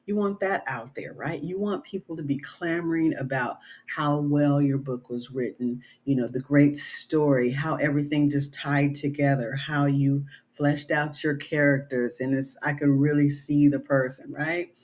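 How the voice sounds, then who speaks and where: A woman's voice: low voice, fairly even intonation, normal speed, hardly any pauses, darkish tone. A middle-aged woman author talking in a casual vlog, earnest and conversational, often adding "you know" and "right?".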